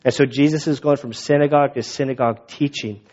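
A man's voice: medium pitch, steady tone, darkish tone. A male pastor giving a casual, conversational sermon, in a dull lo-fi recording. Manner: casual, quick, conversational with restarts.

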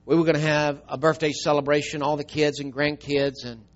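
Middle-aged preacher, storytelling sermon, gets loud then real quiet, kinda dull audio. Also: male voice, on the high side, flat delivery, a little fast. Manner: swings from loud emphatic telling to soft tearful hush.

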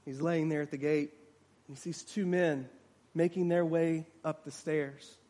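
A man's voice: on the high side, steady tone, measured pace, dark tone. A man preaching a sermon, retelling a story dramatically and acting out the voices of its people.

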